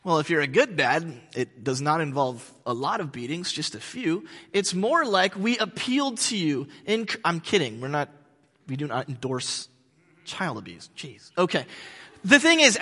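Man, pastor, casual joking sermon, high voice, echoing hall. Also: animated, moderate pace, sharp tone. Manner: conversational, joking asides.

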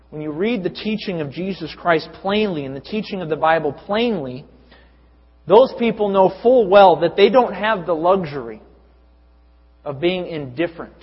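A man's voice: on the high side, slightly rough. A young adult man preaching a sermon to a church congregation, often building to emphatic repeated lists. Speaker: pastor. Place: church hall. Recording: echoey hall, dull lo-fi sound.

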